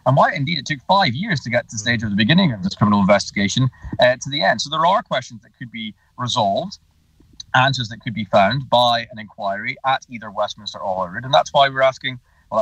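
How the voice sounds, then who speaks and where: A man's voice: medium pitch, lively intonation, quick pace, fairly bright tone, husky, dry recording. A male politician speaking in a radio interview by phone, making an insistent, argumentative case. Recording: distant, unsteady phone line.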